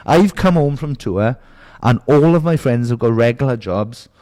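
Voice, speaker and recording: A man's voice: medium pitch, expressive, moderate pace, mellow. A middle-aged man with a Welsh accent from Merthyr Tydfil, a podcast guest telling stories in casual chat, swearing freely and acting out the voices of people he quotes. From Wales.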